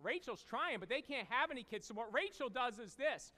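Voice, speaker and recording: A man preaching a sermon as pastor, telling the story in an animated way and acting out the characters' voices. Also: very high-pitched, a little fast. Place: church sanctuary.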